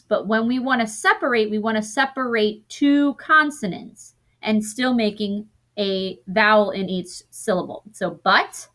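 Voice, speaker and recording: In a recorded lesson for young students, a woman with a medium-pitched, slightly bright voice slowly sounds out parts of words. She often corrects herself along the way.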